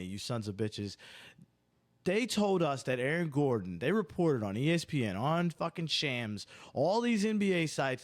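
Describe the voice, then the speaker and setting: A man hosting an off-the-cuff sports show at an ordinary middle pitch. He rambles and doubles back on himself, then turns heated and swears freely as he rants about the games. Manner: profane, ranting, worked up; rambling, self-interrupting. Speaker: podcast host. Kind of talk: unscripted sports banter.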